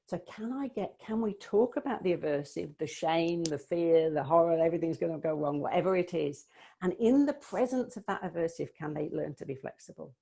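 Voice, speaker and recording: A woman coach giving an online presentation over a video call, explaining ideas warmly and thinking aloud with some restarts. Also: lowish voice, brisk, vocal fry, husky.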